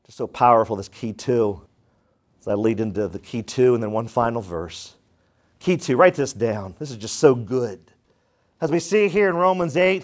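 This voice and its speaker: A man preaching a sermon, emphatic and asking the congregation questions, swinging between loud declarations and quiet asides. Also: mid-range voice. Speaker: pastor.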